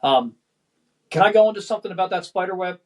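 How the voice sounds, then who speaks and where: A man's voice: sits high, animated, fast talker, darkish tone, poor audio. Rambling, profane middle-aged man. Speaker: guest, former firefighter lieutenant. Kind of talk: emotional personal storytelling.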